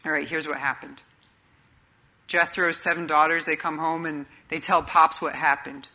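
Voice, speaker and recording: Earnest, bright-toned man preaching. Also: on the high side, level tone, normal speed. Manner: earnest, conversational preaching with rhetorical questions. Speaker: pastor. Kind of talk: sermon.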